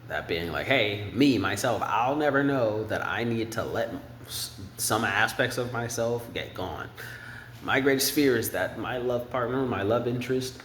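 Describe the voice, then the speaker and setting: A man's voice: unhurried, fairly bright tone, a little hiss or hum. A man casually breaking down song lyrics, rambling and thinking aloud. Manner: rambling, sings snippets of lyrics in falsetto. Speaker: music commentator. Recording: echoey room with faint ambience.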